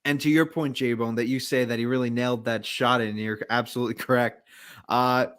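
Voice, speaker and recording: A man's voice: mid-range voice, fairly even intonation, a little fast, fairly bright tone, clean tone. A man casually recapping a wrestling match, telling it as a story, acting out quotes and laughing often. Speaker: podcast co-host.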